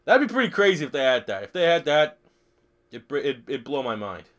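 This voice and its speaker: A man's voice: medium pitch, sing-song, fairly quick, fairly bright tone. A young man live streaming a football video game, swearing freely, joking and reading chat questions aloud. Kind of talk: casual live stream commentary.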